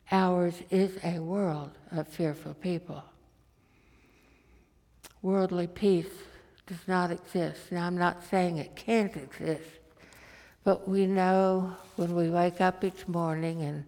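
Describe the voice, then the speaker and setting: A woman preacher giving a sermon, telling stories in a slow, deliberate way in a church. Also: on the low side, warm tone. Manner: slow, deliberate storytelling delivery. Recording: reverberant hall.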